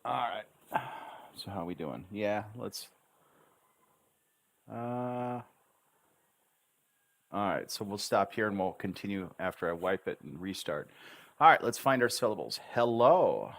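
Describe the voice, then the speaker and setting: Guy teaching english on a livestream, kinda low voice, really slow, drags out every syllable. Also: expressive, creaky, fairly bright tone, no room sound. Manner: slow, emphatic, drawn-out syllables. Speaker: English tutor. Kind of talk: livestream English pronunciation lesson. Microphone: livestream webcam mic.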